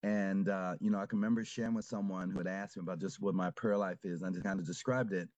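A priest with a low, mellow voice talks over faith in a relaxed, halting way, often stopping to add fillers. The sound is dry and a little dull, as on a lo-fi recording. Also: male voice, dry recording. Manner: reflective, halting, many fillers. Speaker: Catholic priest. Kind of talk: casual conversation.

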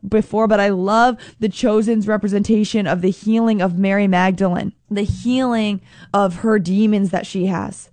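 A woman's voice: mid-range voice, a little mellow, dry recording. A woman giving an earnest faith reflection, repeating lines and acting out quotes in her own voice. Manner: earnest, repetitive, acts out quotes. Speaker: Catholic speaker.

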